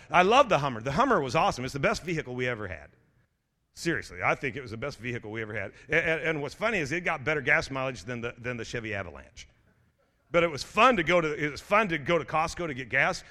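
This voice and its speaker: A man's voice: medium pitch, sharp tone. A middle-aged male pastor preaching a sermon in a church, telling stories in a loose, conversational way with many restarts and calling out to the congregation. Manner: conversational storytelling with frequent restarts and stammers; preacher's call-outs to the congregation.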